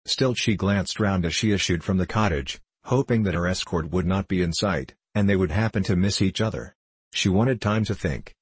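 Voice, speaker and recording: A man narrating an audiobook in a measured, formal storytelling manner. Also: sits low, husky, dry recording.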